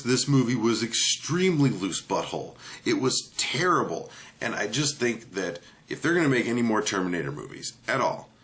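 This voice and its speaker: A man's voice: fairly low pitch, fairly bright tone. A man giving a casual, ranting movie review, blunt and profane, with many filler words.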